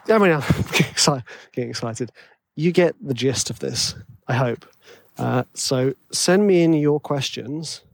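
A man's voice: fairly high pitch, darkish tone, no room sound. A man with a tenor voice hosting a podcast, rambling and self-deprecating in casual chat full of fillers. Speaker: podcast host.

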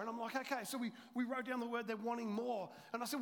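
A middle-aged man preaching a sermon as a pastor, swinging between loud urgency and hushed, intimate storytelling. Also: very high-pitched, fairly even intonation, quick pace, creaky, hardly any pauses. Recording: long hall reverb.

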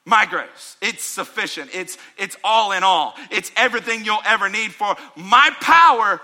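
A middle-aged man preaching a sermon to his church, with call-and-response asides that climb to shouted peaks. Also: high-pitched, lively intonation, moderate pace. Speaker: pastor.

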